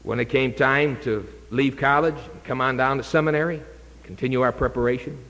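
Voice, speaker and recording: A man preaching an urgent evangelistic sermon, dramatic and moving from hushed to loud. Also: mid-range voice, steady tone, fairly quick, big-room sound, rough recording.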